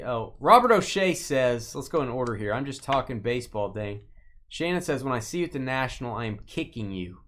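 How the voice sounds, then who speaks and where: A man runs a live card break with easy, joking chatter and banters with viewers by name. He drags out player names with showy flair on each card he calls. His voice sits at an ordinary middle pitch. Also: fairly bright tone. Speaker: host of a live sports card box break. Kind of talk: casual live-stream commentary.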